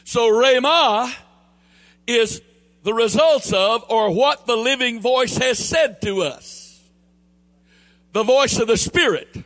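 A man with a Southern US accent preaching a sermon, emphatic and building to near shouts, then easing into quieter storytelling. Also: very high-pitched, slow pace, pauses often. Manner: emphatic, rising to near shouts on key phrases; drops into a quieter storytelling tone for anecdotes.

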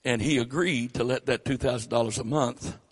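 An older man with a Southern accent preaching a sermon, rising loud and high on key phrases. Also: a little fast, husky. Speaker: pastor.

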